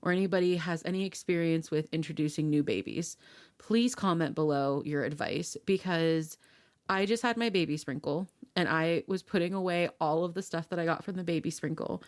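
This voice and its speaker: A young woman with a fairly low voice chats on a podcast, laughing through her stories. She acts out the dialogue as she tells them, and her manner is casual and lively. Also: a little fast. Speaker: podcast co-host. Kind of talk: casual chat.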